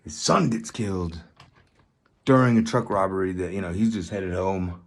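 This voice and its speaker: A man vlogging a casual movie review, rambling and excited, often repeating himself. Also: deep voice, normal speed.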